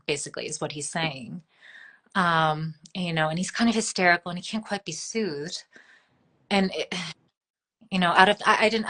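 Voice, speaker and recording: A woman's voice: low voice, sharp tone. A woman in her thirties, a guest in a conversational interview, talking in a thoughtful, meandering way with many fillers and restarts.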